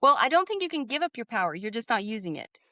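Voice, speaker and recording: A woman's voice: fairly high pitch, very animated, fast talker, bright, forceful tone, dry recording. A woman coach in her thirties, guest on a podcast, explaining her ideas earnestly in a casual conversational way and acting out bits of inner dialogue.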